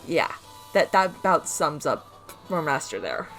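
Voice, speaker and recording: A woman's voice: low voice, big pitch swings, measured pace, a bit bright, soft background music. A woman giving playful, giggly casual commentary while playing a video game. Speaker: let's play host.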